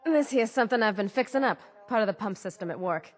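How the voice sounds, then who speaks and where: A woman's voice: mid-range voice, lively intonation, quick pace, natural voice. A woman voicing a brash female gang member in a game, slangy and teasing. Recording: game audio with reverb and music.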